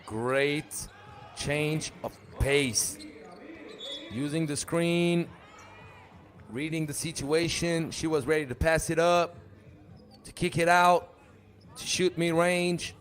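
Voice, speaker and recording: A man's voice: on the high side, steady tone, takes it slowly, long pauses, fairly bright tone. A man doing live play-by-play commentary for a basketball tournament, joking and chatting between calls. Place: arena at a live 3x3 tournament.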